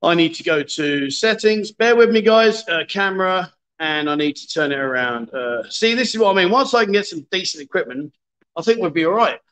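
Guy hosting a stream, chatty and jokey, high bright voice. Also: expressive, fairly quick. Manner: chatty, joking, reads viewer comments aloud. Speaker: livestream host. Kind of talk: casual livestream chat.

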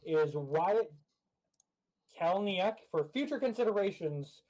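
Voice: medium pitch, animated, unhurried, mellow, poor audio. Blunt sardonic hockey podcaster. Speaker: podcast co-host. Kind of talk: casual hockey podcast chat.

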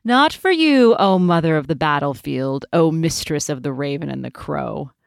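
A bold ancient goddess, read aloud by a woman teases and holds forth with spirit. Her voice sits a little low, recorded dry and close. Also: lively intonation, normal speed, gravelly, no echo. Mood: teasing. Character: lively, teasing ancient female goddess, confident.

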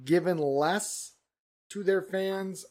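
A man co-hosting a casual podcast, joking crudely and riffing into loud mock sales pitches. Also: slow. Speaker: podcast co-host. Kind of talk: casual chat.

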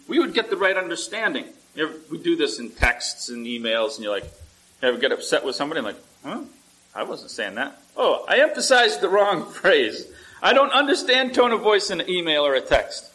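A man's voice: high voice, sharp tone, poor audio. A male pastor preaching a sermon in a conversational way, often asking the congregation questions and repeating words as he restarts.

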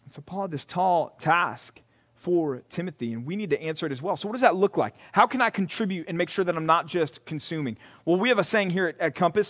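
Male pastor, high-pitched, casual and emphatic preaching style, repeats key words for emphasis. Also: a bit bright. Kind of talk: sermon to a college group. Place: church meeting room.

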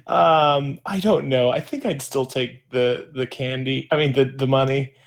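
A man's voice: mid-range voice, fairly even intonation, a little slow. A man in his thirties in a casual chat, rambling and self-mocking.

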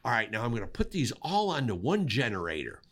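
A man co-hosting a podcast, telling a work story in an animated way and acting out the sounds. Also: mid-range voice, fast talker. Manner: animated, makes sound effects while telling stories. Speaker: co-host, cinematographer. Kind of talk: casual storytelling.

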